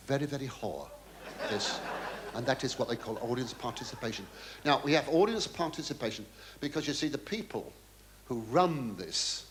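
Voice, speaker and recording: A man's voice: mid-range voice, slight background noise. A man doing a camp, theatrical stand-up act with the audience. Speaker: comedian. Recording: echoey live venue with laughter.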